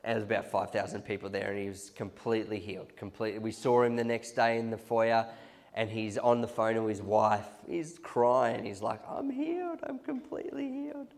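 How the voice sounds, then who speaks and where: A man preaches to his church in a somewhat low voice. He tells his stories with animated restarts and repeated phrases, the way a sermon runs live. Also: normal speed. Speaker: pastor.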